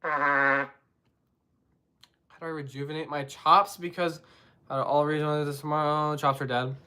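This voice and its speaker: Young man with a higher voice, rambling. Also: little pitch movement, a little slow, pushed and bright, clear, resonant tone. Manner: rambling, self-deprecating, sings syllables to demonstrate. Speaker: trumpet streamer. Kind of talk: casual live-stream Q&A.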